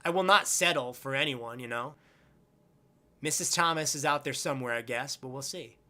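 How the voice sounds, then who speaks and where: A man's voice: fairly high pitch, sharp tone. A young man hosting a casual live-stream chat, rambling with crude jokes and loose tangents.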